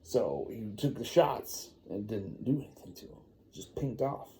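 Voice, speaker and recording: A man's voice: on the low side, expressive, unhurried, background noise. A man telling an improvised bedtime story at home while caring for a baby, rambling and laid-back. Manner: rambling, laid-back, full of "you know". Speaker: father.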